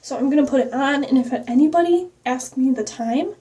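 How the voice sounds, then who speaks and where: Recorded from a distance, a woman with a high, mellow voice talks fairly quickly during a get-ready-with-me video. She rambles, teases herself, and now and then puts on a mock country accent.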